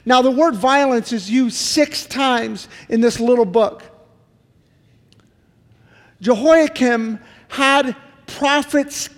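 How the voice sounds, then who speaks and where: In a church sanctuary with a long reverb tail, a middle-aged male pastor with a very high-pitched voice preaches an earnest sermon packed with repeated, pleading questions.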